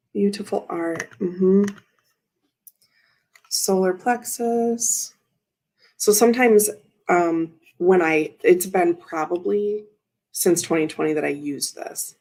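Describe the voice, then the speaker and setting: A woman's voice: lowish voice, slow pace, long pauses, a little mellow. A woman hosting a casual tarot livestream, rambling and interrupting herself as she talks to viewers in chat. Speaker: tarot reader and livestream host.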